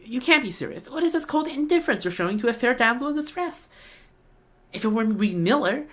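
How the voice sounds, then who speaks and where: A woman's voice: fairly high pitch, lively intonation, fairly quick, voice pushed up, natural voice. A woman voicing a scheming young female thief who plays the damsel in distress in a game playthrough. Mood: pleading, theatrical.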